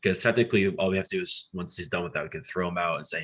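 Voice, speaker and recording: Deep, husky male game player. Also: very fast, hardly any pauses, a bit bright. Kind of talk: casual chat.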